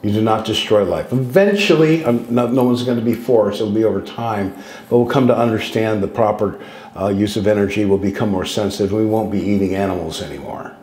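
A fairly low, slightly mellow male voice moves at a brisk pace as this man in his sixties spins loose, digressive personal stories. He's a guest speaker on contact experiences who frequently restarts and acts out quotes, recorded in an echoey, roomy space.

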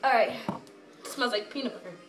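A woman vlogging casually from a home kitchen, excitable and dramatic, with squealing reactions. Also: a little high, brisk, roomy sound, over music. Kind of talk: casual vlog chat.

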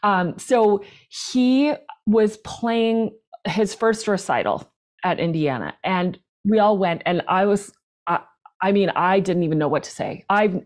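A woman flute player, a professional performer and teacher, chatting in an interview, animated and talkative with lots of restarts. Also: mid-range voice, measured pace. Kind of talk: casual interview chat.

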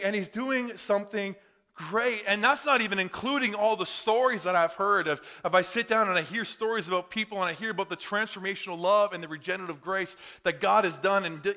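Man, pastor, high and bright voice, fervent conversational sermon in church. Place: church in front of a congregation.

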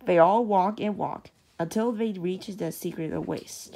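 A woman reading a children's storybook aloud, halting and restarting as she reads. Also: fairly low pitch, gravelly, dark tone, slight background noise. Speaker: storybook reader.

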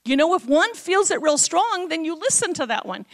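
A woman's voice: very high voice, normal speed. A middle-aged woman preaching as guest speaker in a church, telling stories and acting out the voices of the people in them. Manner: animated, acts out quoted voices. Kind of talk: sermon storytelling.

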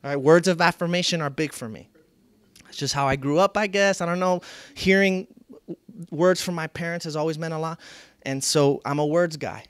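A man preaching a sermon, swinging from loud bursts to hushed lines and repeating key phrases for emphasis. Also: on the high side, moderate pace, clean tone, no room sound. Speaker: pastor.

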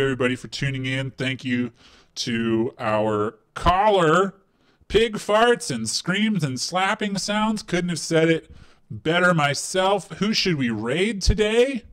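A man's voice: fairly high pitch, animated, a little slow, a bit bright, clear, resonant tone. A man hosting a live call-in stream, chatting casually and rambling with lots of fillers before singing karaoke. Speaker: live call-in show host.

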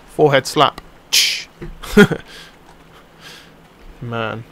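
Excitable young man yelling at a game. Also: medium pitch, moderate pace, pauses often. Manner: excitable, swears and yells at the game. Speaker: let's play commentator. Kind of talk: live gameplay commentary.

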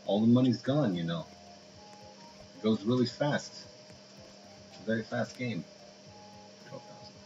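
Low-voiced man chatting over a game. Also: a little slow, long pauses, dark tone, soft background music. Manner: rambling, chatty, playful. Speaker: game video host. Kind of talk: casual let's play commentary. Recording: dull lo-fi audio with hiss.

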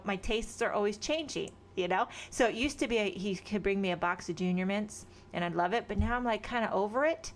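A woman's voice: fairly high pitch, slight background noise. A woman with children of her own, explaining a card-making craft step by step in a chatty, rambling way, with self-deprecating asides. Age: adult with children. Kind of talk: casual crafting tutorial.

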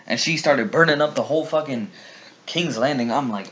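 Casting note: a swearing vlogger guy ranting to camera, pitch swinging all over, slightly muffled lo-fi sound. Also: normal speed, slightly rough. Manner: animated, profane, mock voices for characters. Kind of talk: casual ranting commentary. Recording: dull lo-fi sound.

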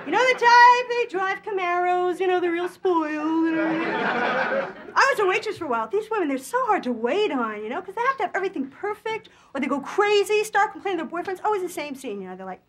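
A very high-pitched young woman from Long Island does quick, punchy stand-up with a lively, bouncing voice. She performs on a TV studio stage. A loud studio audience roars over a noisy broadcast. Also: a loud crowd. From Long Island, New York. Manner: quick, punchy delivery with bursts of laughter. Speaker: stand-up comedian. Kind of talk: stand-up routine and talk-show chat.

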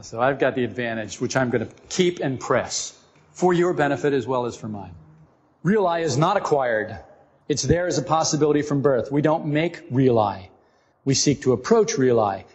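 A man giving an informal spiritual talk to a group, animated and joking, often asking his listeners questions. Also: medium pitch. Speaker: esoteric teacher. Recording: dull lo-fi recording in a reverberant room.

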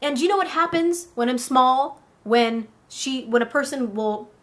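A woman with a high, light voice spins a first-person adventure for her vlog. She talks in a casual, animated way, piling one event onto the next. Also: moderate pace. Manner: animated, breathless tale-telling. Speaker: vlogger.

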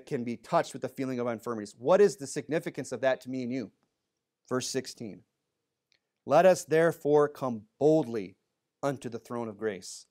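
A male pastor preaching a sermon, talking plainly to the congregation and raising his voice for Bible readings. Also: mid-range voice.

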